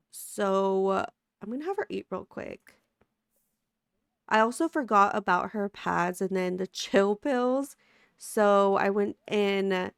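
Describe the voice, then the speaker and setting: A woman's voice: medium pitch, no echo. A woman hosting a let's play, chatty and giggly, talking to her viewers while sleepy and sick. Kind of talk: casual gameplay commentary.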